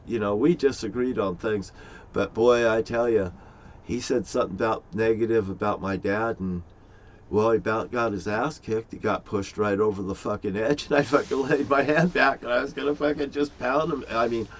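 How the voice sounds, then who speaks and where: A man's voice: fairly low pitch, slight background noise. A middle-aged man, an amateur crime sleuth, rambles in a loose, profane monologue and chuckles often. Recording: dull lo-fi recording.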